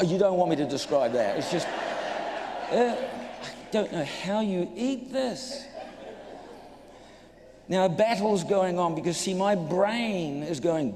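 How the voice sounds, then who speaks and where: New man telling a lively testimony. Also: sits high, slow pace, long pauses, crowd noise. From New Zealand. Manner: animated storyteller, acts out voices, jokes with audience. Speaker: preacher giving a testimony. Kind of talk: humorous sermon testimony. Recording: echoey hall reverb.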